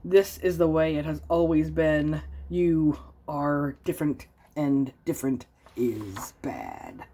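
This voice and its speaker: A woman voicing a pompous, bossy male stink bug in a storybook, talking slowly and loudly. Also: very animated, full character voice. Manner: slow, loud, booming.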